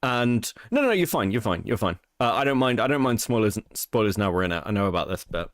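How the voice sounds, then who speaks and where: A man talking loosely on a livestream, his pitch swinging up and down as he rambles and swears. The sound is close and dry, with no room around his voice. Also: sing-song, fast, no room sound. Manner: rambling, sweary, often restarts. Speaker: stream co-host. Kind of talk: casual chat.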